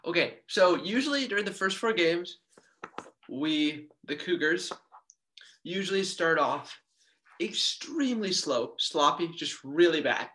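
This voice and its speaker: Bright-voiced excitable man recapping a game. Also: fairly high pitch, a little hiss or hum. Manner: excitable fan, jokey asides, fast bursts. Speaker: sports podcast host. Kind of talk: casual sports podcast recap.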